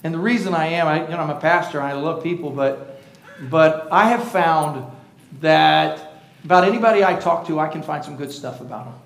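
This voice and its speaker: A man's voice: on the high side, brisk, creaky, roomy sound, poor audio. A male pastor preaching a sermon, quizzing the congregation and joking at his own expense. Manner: engaging, asks the congregation questions; playful, self-teasing humor. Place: church.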